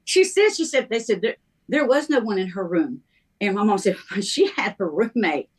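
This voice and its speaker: A middle-aged woman, a minister, telling her life story in a halting, conversational way, with many ums and restarts. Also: mid-range voice, very animated, husky. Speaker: guest minister sharing her testimony.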